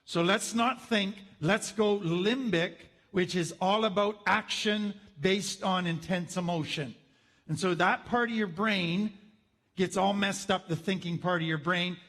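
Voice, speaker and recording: A man's voice: sits high, unhurried, a bit bright, big-room sound. A man giving an earnest, explanatory lecture as a counselor teaching a course. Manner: earnest, explanatory, acts out inner thoughts. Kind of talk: recorded lecture.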